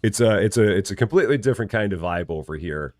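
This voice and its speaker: A man's voice: on the low side, lively intonation, quick pace, a little mellow, dry recording, studio quality. A man casually commenting as he plays a farming game on a live stream, chatty and friendly, greeting viewers by name and often repeating his words. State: still waking up, early morning.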